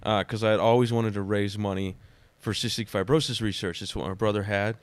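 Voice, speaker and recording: A man who is a podcast guest, telling personal stories in a dramatic, animated way during casual conversation. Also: on the low side, fairly quick, clean tone, no echo.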